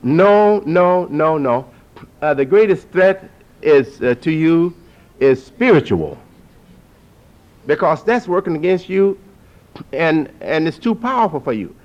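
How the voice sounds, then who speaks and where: A man preaching to an audience, who repeats phrases for emphasis and climbs to forceful peaks. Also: a little high, slow pace, long pauses. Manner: lively, rising to forceful peaks. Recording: dull lo-fi recording.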